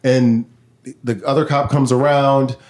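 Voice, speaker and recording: A man, a podcast guest, retelling a personal story in a lively, casual way. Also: mid-range voice, unhurried. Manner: animated, vivid retelling.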